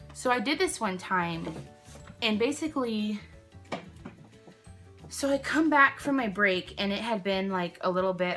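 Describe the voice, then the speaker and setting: Talking to her own camera at home with candles nearby, a young vlogger rambles through a casual story about work, often going off on tangents and cutting herself off. Her voice is fairly bright and mid-range for a woman, and "like" fills her sentences.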